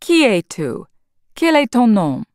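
A woman doing a gruff drowsy lumberjack. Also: a little high, very animated, unhurried, a little mellow, no room sound, clean studio sound, pitched above the performer's own voice. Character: gruff big French-speaking lumberjack man.

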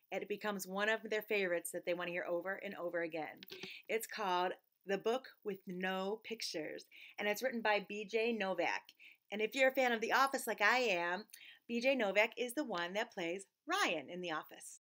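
Teacher lady reading a kids book out loud, goofy, fake-outraged, silly noises. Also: medium pitch. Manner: playful, exaggerated mock protests and silly sounds. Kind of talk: children's read-aloud.

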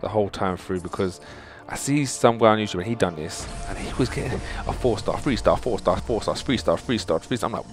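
A man hosting a gaming channel, commenting on opening game crystals, excitable and exasperated, pleading with the game and calling his viewers dudes. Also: lowish voice, quick pace, few pauses. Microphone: desktop mic.

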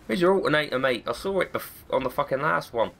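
A man's voice: a little high, lively intonation, quick pace, gravelly, fairly bright tone. A man with a cold, giving chatty, self-mocking let's-play commentary and swearing often. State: has a cold. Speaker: gaming video host.

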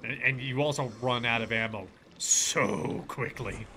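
A man commenting on his own horror game playthrough, excitable, yelling and cursing at enemies, with game music behind him. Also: mid-range voice, measured pace, background noise. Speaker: gaming channel host. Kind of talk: let's play commentary.

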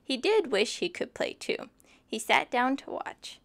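Slow, expressive woman reading to children. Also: high-pitched, vocal fry. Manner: expressive, sympathetic asides. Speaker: storytime reader. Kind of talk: children's picture book read aloud with asides.

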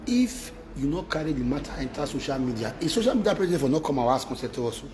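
A man's voice: mid-range voice, animated, fast, hardly any pauses, a crowd in the background, low-quality recording. A man with a Nigerian accent in an emotional rant to his wife, repeating himself and mixing in Pidgin exclamations. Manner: repetitive, mixes Pidgin with exclamations.

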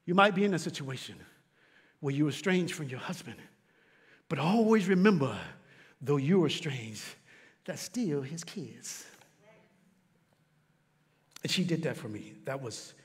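A middle-aged man preaches from the pulpit, his pitch leaping and falling with wide expression. He builds to shouts, then drops to hushed, low lines. His voice is high for a man, and a long church-hall reverb trails after it. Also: expressive, measured pace, long pauses, husky. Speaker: pastor. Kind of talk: sermon. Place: church sanctuary.

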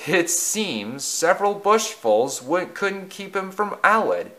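A man's voice: sits high, sing-song, takes it slowly, bright, forceful tone, pitched above the performer's own voice, full character voice. A man voicing a small male tank engine who talks in a teasing, wry way.

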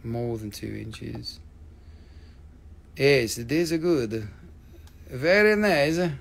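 A man's voice: mid-range voice, very slow, gravelly, slight background noise. A man hosting a live rock sale stream, joking and swearing as he goes. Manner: joking, profane, animated. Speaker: livestream rock seller. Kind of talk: live sales stream, casual chat.

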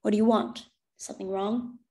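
A woman reading aloud, voicing a steady father who speaks in a firm, measured way. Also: medium pitch, lightly acted. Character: steady, firm father defending his family.

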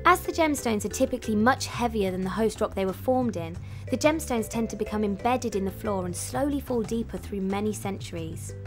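A woman giving scripted documentary narration in an even, informative voice-over. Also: fairly high pitch. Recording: voice-over with music behind. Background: music.

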